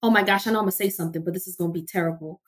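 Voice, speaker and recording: A woman's voice: on the low side, fairly even intonation, rapid-fire. A woman therapist and minister, a podcast guest, talking emphatically with preacher-like repetition. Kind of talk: conversational interview.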